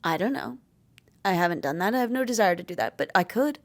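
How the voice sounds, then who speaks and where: A woman's voice: medium pitch, lively intonation, fast. A young adult woman vlogger giving candid, blunt advice on living with chronic illness, swearing freely and stressing her points. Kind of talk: candid talking-to-camera advice.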